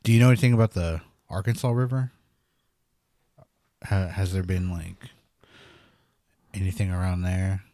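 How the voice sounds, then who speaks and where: Deep-voiced man telling a spooky story. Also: normal speed, pauses often, no echo. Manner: animated storyteller, laughs nervously, acts out quotes. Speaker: podcast co-host. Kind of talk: casual storytelling chat.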